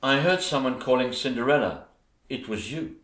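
A man playing a plain-spoken young servant in a pantomime stage comedy, answering in deliberate, matter-of-fact replies. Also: medium pitch, animated, a bit bright, lightly acted. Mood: dry. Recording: echoey stage recording.

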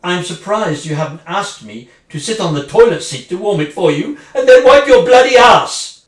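A woman's voice: low voice, animated, normal speed, darkish tone. A woman acting a sarcastic, wounded wife who is leaving her husband, speaking one side of a phone call in a dramatic monologue. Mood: furious. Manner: sarcastic, swinging between mocking and furious. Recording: roomy, distant mic.

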